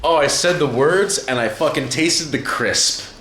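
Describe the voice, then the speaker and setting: A man streaming from home, chatting casually, excitable and profane, rambling from one thing to the next. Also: on the high side, a little slow, reverberant, a little hiss or hum. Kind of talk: casual livestream chat.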